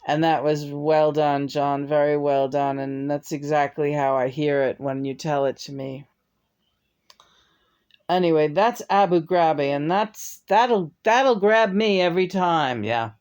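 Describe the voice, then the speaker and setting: A woman's voice: low voice, unhurried, darkish tone, smooth. A woman chatting casually as a vlog host, rambling and sentimental. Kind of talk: casual chat.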